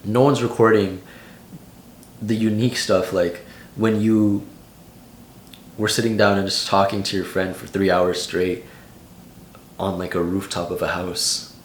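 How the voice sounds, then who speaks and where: A man's voice: deep voice, little pitch movement, a little slow, long pauses, reverberant, slight background noise. A young man in his late teens giving casual vlog advice in a loose, slangy way full of "like". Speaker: vlogger.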